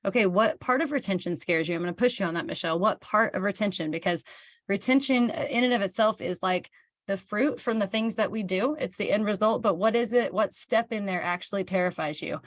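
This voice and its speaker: A woman's voice: mid-range voice, a little fast, no room sound, studio quality. Candid woman giving a pep talk. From Kansas, United States. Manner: chatty and candid, reads and answers viewer comments, acts out dialogue in quotes. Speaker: team leader hosting a live session. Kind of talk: motivational live talk to her team.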